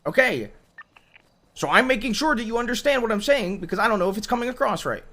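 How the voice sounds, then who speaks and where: Brief: man voicing a high, lively, stammering anxious husband in a game roleplay spat. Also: fast talker, full character voice. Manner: rambling, stammering, talks in circles. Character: frustrated, anxious husband, pleading and defensive. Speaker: roleplay streamer. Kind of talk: heated in-character roleplay argument.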